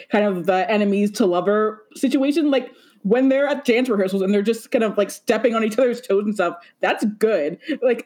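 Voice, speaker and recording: A woman's voice: mid-range voice, a little mellow. A young woman chatting casually, with a wry, mock-dramatic way of talking. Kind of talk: casual chat.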